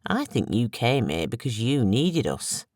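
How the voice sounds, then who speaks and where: A narrator voicing a calm, quiet man. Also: medium pitch, no echo, studio quality. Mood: measured. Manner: quiet, measured, sympathetic. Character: calm, compassionate man under pressure. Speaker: audiobook narrator voicing a character.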